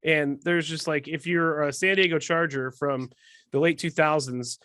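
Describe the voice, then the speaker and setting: A man hosting a casual sports podcast, chatty and quick to joke at his own expense. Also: a little high, steady tone, pushed and bright, no echo, studio quality. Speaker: podcast host.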